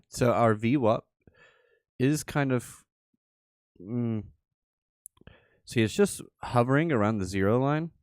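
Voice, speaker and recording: A man's voice: medium pitch, slow, long pauses, darkish tone, dry recording, studio quality. A man hosting a livestream, giving casual live chart commentary and thinking aloud with repeated phrases. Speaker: livestream host.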